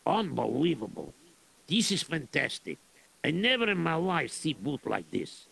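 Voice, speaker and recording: A greedy general with a very gravelly voice, chuckling as he schemes, as a man puts him on. His pitch swings widely as he bargains in broken grammar. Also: huge pitch swings, a little slow, a bit bright, full character voice. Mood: scheming. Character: greedy blustering male Russian general.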